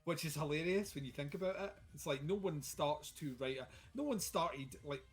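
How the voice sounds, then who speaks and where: A man's voice: on the high side, normal speed, breathy edge, soft background music. A Scottish man co-hosting a livestream, talking casually in a wry, rambling way with lots of fillers. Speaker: podcast co-host. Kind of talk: casual chat.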